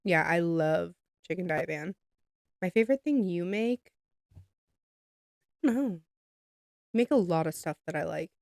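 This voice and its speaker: Female podcast co-host, lower voice, soft and agreeable, dry studio sound. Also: expressive, a little slow, pauses often, dry recording. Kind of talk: casual chat.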